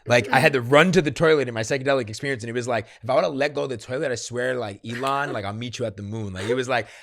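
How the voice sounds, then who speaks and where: Man, gravelly low voice, dry close sound, casual storytelling, swears freely. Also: rapid-fire, no echo. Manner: swears freely, animated when quoting himself. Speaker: podcast guest. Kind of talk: candid conversational storytelling.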